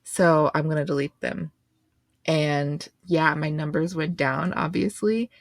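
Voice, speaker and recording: Young female co-host, deep voice, laid-back filler-heavy chat, dry close mic. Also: steady tone, a little slow, vocal fry, no echo. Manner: casual, filler-heavy, with bursts of indignation. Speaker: podcast co-host. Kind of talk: casual chat.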